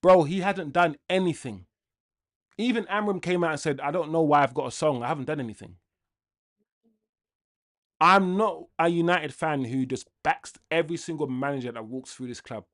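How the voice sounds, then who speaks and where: A man's voice: a little high, moderate pace. A young man hosts a fan livestream and rants angrily to his chat in a casual way. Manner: angry, ranting, lively with laughs.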